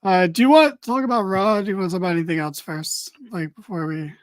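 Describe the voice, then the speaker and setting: A man's voice: sits high, fast talker, no echo. Tired, dry-joking podcast host man. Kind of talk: casual podcast chat.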